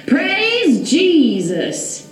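A woman performing a monologue as a fervent Southern churchgoing woman, in a sing-songy falsetto with a Southern accent. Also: huge pitch swings, extremely slow, roomy sound, full character voice, poor audio. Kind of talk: acted competition monologue.

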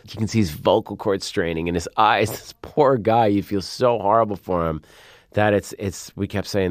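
Low-voiced man telling lively anecdotes. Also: moderate pace, no room sound, studio quality. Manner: lively anecdotes, acts out quotes with big outbursts. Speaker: film director. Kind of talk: interview, animated storytelling.

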